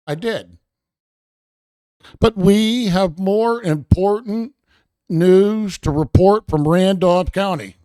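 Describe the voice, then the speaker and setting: A man's voice: high-pitched, dark tone, dry recording, clean studio sound. A man hosting a show with rambling, sarcastic commentary, meandering and talking to his chat. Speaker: show host.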